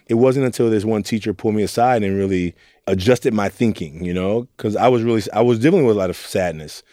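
A young youth mentor from Oakland, California speaks candidly in an interview, telling earnest, reflective stories sprinkled with quoted asides. His voice is fairly low, quick and mellow, recorded cleanly in a studio with no room sound.

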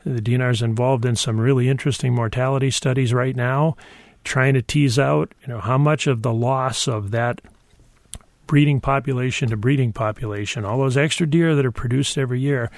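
A man explains wildlife matters to radio callers in a thoughtful, halting way. His voice has a gravelly, rough edge, and the sound is dry and close. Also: mid-range voice, fairly even intonation, no room sound. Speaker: wildlife expert guest. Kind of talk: radio call-in answers.

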